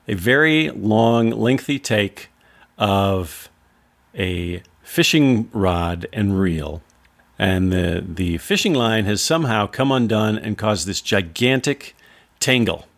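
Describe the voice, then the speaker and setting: A man from Wisconsin hosting a podcast, telling a wry, incredulous story about his past in a monologue. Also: fairly low pitch. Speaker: podcast host.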